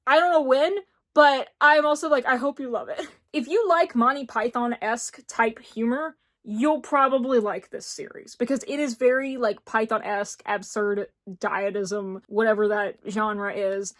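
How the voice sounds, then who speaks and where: A woman's voice: fairly high pitch, fairly even intonation, unhurried, a bit bright. A woman in her twenties from rural Tennessee with an Appalachian accent, gushing in a casual book review chat. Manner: gushing, enthusiastic, emphatic repetition. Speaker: book vlogger.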